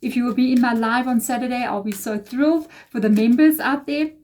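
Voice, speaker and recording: Mellow-voiced woman reading tarot. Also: a little high, fairly even intonation, fairly quick. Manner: rambling, confiding, emotional asides. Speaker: tarot reader. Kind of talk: casual tarot reading monologue.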